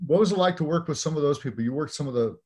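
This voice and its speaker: A man hosting an interview, asking questions in a halting, enthusiastic way with many restarts. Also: fairly high pitch, darkish tone. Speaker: host.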